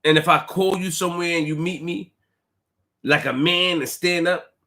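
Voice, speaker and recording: A young man talking casually to his stream audience, full of street slang and repetition, swinging from quiet, low remarks to loud outbursts. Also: fairly even intonation, normal speed. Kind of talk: casual live-stream rant.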